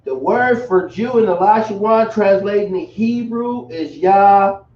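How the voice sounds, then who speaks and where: A man's voice: high voice, unhurried, roomy sound, dull audio. A man teaching a language class in a casual, repetitive way, calling his students y'all, recorded from a distant mic in a room.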